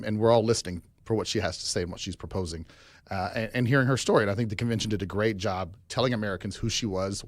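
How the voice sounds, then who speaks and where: A man's voice: lowish voice, no echo, clean studio sound. A middle-aged man from Arkansas, a political strategist guest, giving loose interview answers full of fillers. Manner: fast, loose, filler-heavy talk.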